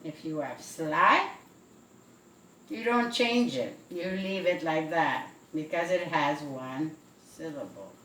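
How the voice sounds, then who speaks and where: Woman teacher, slow and careful, bright voice, a bit off-mic in an echoey room. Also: deep voice, animated, far from the mic, slight background noise. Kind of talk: recorded spelling lesson.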